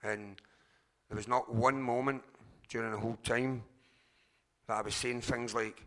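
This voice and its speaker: A middle-aged man with a Glaswegian Scottish accent, giving a candid, halting personal share at a recovery convention, swearing freely. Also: on the low side, level tone, fairly bright tone. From Scotland, Glasgow. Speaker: speaker sharing at a recovery convention.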